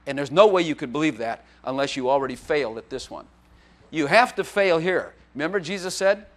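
A man's voice: on the high side, expressive, normal speed. A man preaching as a pastor in a church, in a joking, conversational way with playful acted quotes. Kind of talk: sermon.

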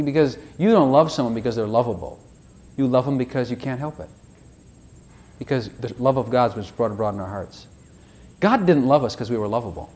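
A man delivers a casual, wandering sermon in a medium-pitched voice. He speaks like he is chatting with the congregation, tossing in rhetorical questions and dropping from sudden loud bursts to quiet asides. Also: dull audio. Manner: folksy and rambling, with rhetorical questions. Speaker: preacher. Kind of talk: conversational sermon.

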